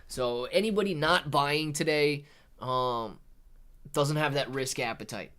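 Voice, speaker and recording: Male live-stream host, casual and chatty, lots of "dude" and "man," talking softly at home. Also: a little high, a little slow. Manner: casual, says "dude" and "man" a lot, thinks aloud with restarts; talks softer to keep quiet near children. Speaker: livestream host reading chat.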